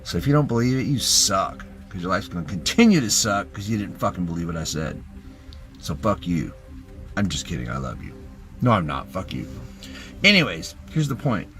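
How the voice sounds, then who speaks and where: A man's voice: low-pitched, sing-song, normal speed, fairly bright tone, soft background music. A young man giving a rambling, profane self-help rant in a clip, hyping things up and then mumbling asides. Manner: rambling and swearing, jumping between hype and mumbling. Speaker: TikTok ranter.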